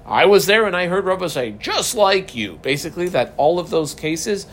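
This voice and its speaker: A man giving a casual, lively Talmud lesson, mixing Hebrew terms into conversational English. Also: sits high, normal speed. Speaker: Talmud teacher.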